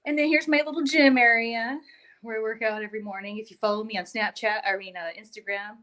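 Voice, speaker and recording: A woman's voice: on the high side, steady tone, fast, fairly bright tone, dry recording. A woman chatting casually on a show through a phone from her home garage, out of breath, laughing a lot and mocking herself. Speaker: show co-host. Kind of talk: casual chat.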